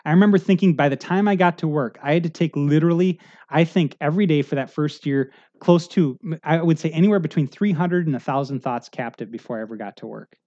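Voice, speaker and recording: A man's voice: on the high side, quick pace, warm tone, muffled recording. A middle-aged male pastor preaching a sermon in a conversational, earnest way, often checking in with the congregation.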